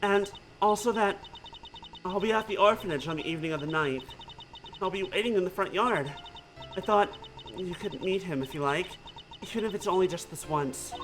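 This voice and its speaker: A man voicing a soft-spoken, hesitant young mother leaving a recorded message in a video game. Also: high voice, natural voice, poor audio.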